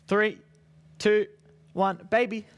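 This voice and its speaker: Australian man, game co-host, encouraging, upbeat, high-ish voice. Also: fairly even intonation, slow pace, clear, resonant tone. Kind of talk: counting down a kids' game.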